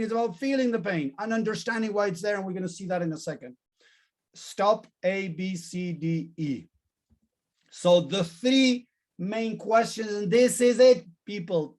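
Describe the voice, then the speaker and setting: A man teaching a therapy training class, animated and emphatic, repeating key words in lists. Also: sits high. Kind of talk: live training lesson.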